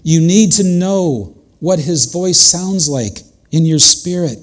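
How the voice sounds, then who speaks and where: A man's voice: on the high side, slow. An older man preaching a sermon as a pastor, earnest and conversational, speaking directly to his congregation.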